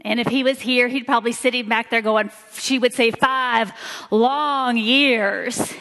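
A woman from Indiana gives a personal talk in a church sanctuary, telling stories with slow, emphatic phrasing. Her voice sits slightly high and sounds bright and crisp. Long reverb from the hall trails behind each phrase. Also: steady tone. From Indiana, USA. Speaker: lay speaker giving a church talk.

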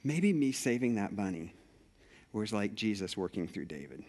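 A male pastor preaching a sermon, telling a personal story with animated energy and acting out the scenes. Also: lowish voice, moderate pace.

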